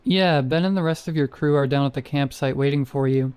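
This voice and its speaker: A man voicing a calm male park ranger who talks in a steady, soothing way. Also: mid-range voice, a little fast, clear, resonant tone, no echo, natural voice. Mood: reassuring.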